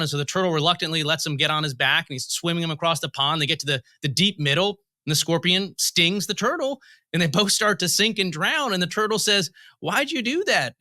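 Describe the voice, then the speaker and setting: Man, interview guest, measured and explanatory, very bright forceful voice, dry sound. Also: on the high side, no echo. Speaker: guest, federal commissioner. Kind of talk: interview answers, storytelling.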